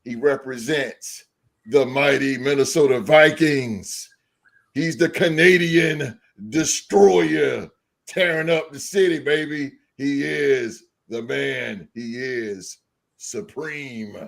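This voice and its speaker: A man hosting a sports podcast, hyping up his co-hosts with loud, excited introductions. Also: mid-range voice, takes it slowly, vocal fry. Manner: loud hype-man introductions, shouting and laughing. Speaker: podcast host.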